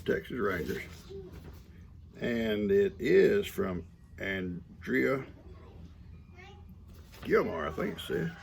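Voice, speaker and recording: An older grandfather talks in a deep, gravelly voice that rises and falls a lot, and the sentences wander along in a folksy way. He reads out mail and chats at an easy pace. Faint sounds of outdoors and animals hang behind him. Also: very animated, drawn-out words, long pauses, slight background noise. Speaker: grandfather vlogger. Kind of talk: casual chat reading viewer mail. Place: outdoors on a farm.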